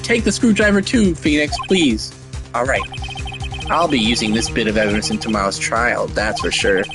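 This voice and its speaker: A man's voice: mid-range voice, moderate pace, music in the background, pitched below the performer's own voice, lightly acted. A man voicing an earnest young lawyer. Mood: curious. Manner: earnest, determined inner monologue. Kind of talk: voice acting a game playthrough.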